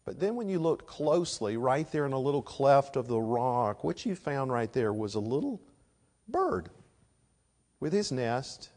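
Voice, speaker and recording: A man preaching a sermon, dropping to a hush and then rising to loud shouted emphasis. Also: mid-range voice, sing-song, unhurried. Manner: swings from hushed to shouting for emphasis.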